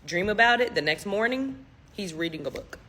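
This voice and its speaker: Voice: medium pitch, expressive, fairly quick, sharp tone, a little hiss or hum. A casual storyteller retelling a spooky story in a loose, rambling way, full of "like" fillers and little voices for the people quoted.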